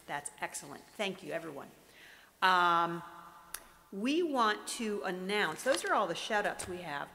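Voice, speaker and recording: A middle-aged woman runs the school's morning announcements, chatting in an upbeat and encouraging way. Her voice is lowish with a fairly bright tone, captured in a reverberant room with faint noise.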